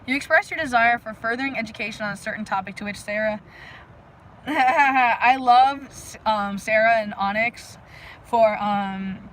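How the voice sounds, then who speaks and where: A woman hosting a casual live stream outdoors, talking energetically and rambling to her viewers with lots of fillers and sudden loud bursts. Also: mid-range voice, unhurried, a little hiss or hum, rough recording. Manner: frequent "like" fillers. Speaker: livestream host. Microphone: phone live stream.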